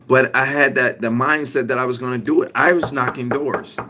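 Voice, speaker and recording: A man's voice: medium pitch, steady tone, brisk, bright, forceful tone, slight background noise. A young man giving a motivational talk, emphatic and repetitive, stretching out his key lines. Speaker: motivational speaker.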